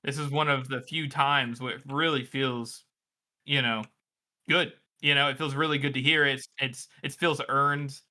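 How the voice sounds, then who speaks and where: A man's voice: medium pitch, steady tone, normal speed, sharp tone. A man co-hosting a podcast, talking enthusiastically in casual chat, often stopping and restarting his sentences. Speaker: podcast co-host.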